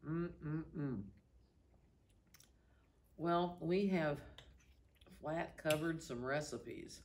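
A woman's voice: low-pitched, measured pace. A woman co-hosting a church cooking show, chatting casually and humming while she tastes with her mouth full. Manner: relaxed, savoring, hums with her mouth full. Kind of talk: casual chat while tasting food.

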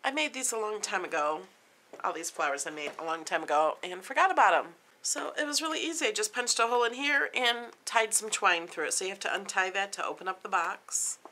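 A woman's voice: medium pitch, lively intonation, fairly quick, sharp tone, slight background noise. A woman craft vlogger casually showing off her handmade gift boxes in a chatty, homey way. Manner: chatty, plain and homey, pointing things out. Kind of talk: casual craft show-and-tell.

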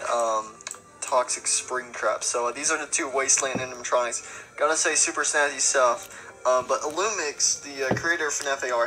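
A man's voice: mid-range voice, rough recording. A young man hosting a casual gaming video, rambling and joking with lots of fillers. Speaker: gaming YouTuber. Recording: background music.

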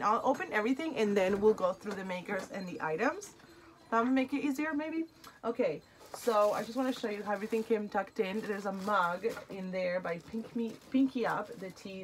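A woman's voice: mid-range voice, expressive, a little fast, a little hiss or hum, low-quality recording. A woman with a non-native English accent hosting an unboxing vlog, chatty and effusive. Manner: chatty and effusive, easily moved. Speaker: unboxing channel host. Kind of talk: casual vlog chat.

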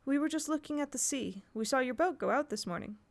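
A woman's voice: high-pitched, expressive, fast, vocal fry, voice pushed up. A woman reading aloud, voicing an earnest young girl.

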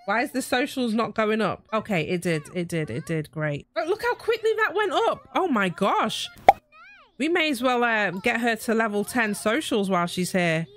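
A woman giving chatty, excitable let's play commentary, talking to her game characters and to viewers. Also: on the high side, moderate pace, slight background noise. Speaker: gaming YouTuber.

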